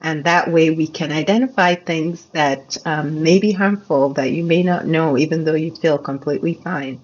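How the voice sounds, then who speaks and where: A woman's voice: sits low, moderate pace, darkish tone, muffled recording. A woman physician, a podcast guest, explaining cases in earnest, casual conversation.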